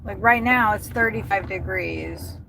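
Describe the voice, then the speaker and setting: A woman's voice: medium pitch, measured pace, vocal fry. A woman chatting casually and rambling on a livestream from inside her car, swearing now and then. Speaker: livestreaming delivery driver. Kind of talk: casual livestream chat while driving. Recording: noisy car interior.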